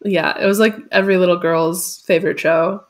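A woman's voice: on the low side, steady tone, a little fast. A woman in her twenties reading out chat questions and chatting with giggles and lots of filler words. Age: 20s. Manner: chatty and giggly, many ums and likes. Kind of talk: casual livestream Q&A.

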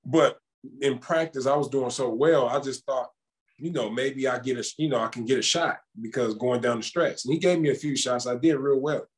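A former basketball player in his thirties, with a mid-range voice and moderate pace, tells stories in a casual interview. He's an animated storyteller, acting out the dialogue as he goes.

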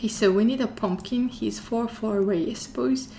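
A woman's voice: on the high side, a little fast, creaky, very noisy. A woman streaming a horror game, talking to herself in a scared way that keeps repeating and dropping to whispers. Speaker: gameplay streamer. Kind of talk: playing a horror game out loud. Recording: game music loud behind the voice.

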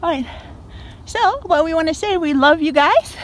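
A woman's voice: very high-pitched, lively intonation, normal speed. A woman vlogger talking to her pet bird in playful baby talk and to her viewers in a casual way.

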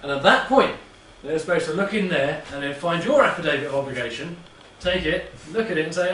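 A man's voice: a little high, expressive, brisk, few pauses, fairly bright tone. A man speaking to a live audience in a chatty, rambling way, often checking in with "yeah?". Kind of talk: casual talk to a live audience. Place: room with an audience. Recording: echoey room, distant mic, faint noise.

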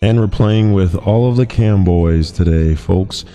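Male streamer host, deep and mellow, deadpan teasing humor, casual chat. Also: measured pace.

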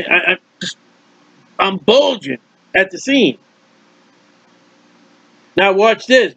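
A male preacher teaches from the Bible in a conversational, emphatic way, repeating words for stress and tossing in folksy asides. His voice is high-pitched and a bit bright, with no echo. The recording is dull, dry and lo-fi.

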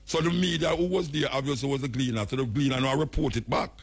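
A Jamaican man with a Jamaican accent hosts a radio talk show, speaking bluntly and emphatically and calling out officials by name. His mid-range voice is fast, gravelly, and husky.

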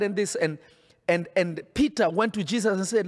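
A man's voice: high-pitched, brisk. A man preaching a sermon in an emphatic, insistent way, often repeating his phrases.

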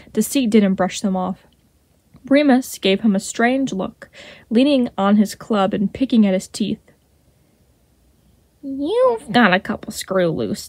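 A woman reads a fan fiction chapter aloud. Her tone is mellow and soft. The sound is dry and close. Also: mid-range voice, no room sound. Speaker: podfic reader.

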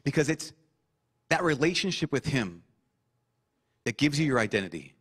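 A priest preaching to a young audience, impassioned and repeating phrases for emphasis, then slowing into a soft prayer. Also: male voice, mid-range voice, very animated, husky.

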